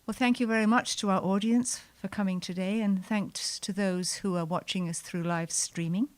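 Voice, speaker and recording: A woman storyteller telling a personal memoir to a live audience in a lyrical, expressive way. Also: medium pitch, moderate pace. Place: showroom with audience.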